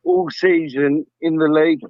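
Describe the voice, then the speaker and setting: A man calls in to a football phone-in and answers in short, confident bursts. His voice sits slightly high. The call sounds muffled and dry. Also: little pitch movement, moderate pace, no room sound. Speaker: caller. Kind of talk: casual phone-in chat. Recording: dull dry phone line.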